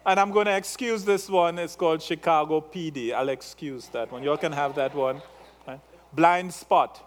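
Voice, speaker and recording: A man's voice: fairly high pitch, moderate pace. A male pastor with an accent, preaching a sermon in a playful way, teasing his congregation and checking in with them through frequent questions. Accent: non-native English.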